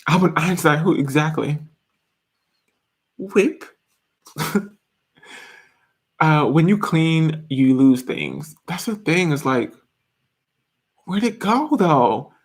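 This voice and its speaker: A man with a fairly high voice chats loosely on a live stream, joking as he goes and breaking into laughs. His delivery rambles from one thought to the next. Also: animated, slow, pauses often. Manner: playful and jokey, laughing often; chatty and rambling. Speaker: video host. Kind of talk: casual live-stream chat answering questions.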